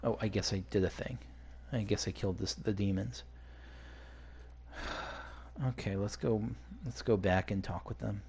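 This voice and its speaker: A man's voice: on the low side, fairly even intonation, normal speed, gravelly, pauses often, a little mellow, breathy edge. A man rambling through casual gameplay commentary for a let's play, chatty and swearing when frustrated.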